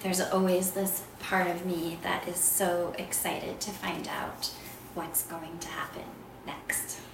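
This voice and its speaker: A woman sharing a personal story of faith in an unhurried, soft voice that often trails into a whisper. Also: lowish voice, little pitch movement. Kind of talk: personal testimony talk. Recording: echoey room, voice from far off, background noise.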